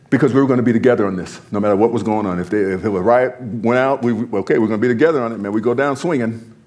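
Animated man, laughing storyteller. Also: medium pitch, quick pace. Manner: animated, laughs often, repeats words. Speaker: pastor. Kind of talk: storytelling in a conversation.

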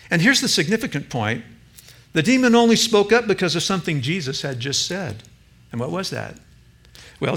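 A male preacher delivers a sermon in a bright, slightly high voice. He speaks emphatically and turns often to the congregation with direct questions. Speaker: pastor.

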